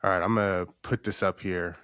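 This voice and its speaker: A man's voice: low-pitched, fairly even intonation, brisk, fairly bright tone, smooth, no echo, clean studio sound. A young man co-hosting a casual comedy podcast, swearing freely and teasing his co-host. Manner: profane, joking, teasing.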